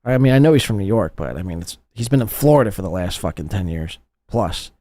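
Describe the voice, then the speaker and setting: A man's voice: sits low, lively intonation, quick pace, dark tone, no echo. A man hosting a podcast, mocking and sarcastic as he reacts to a played clip. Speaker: podcast host.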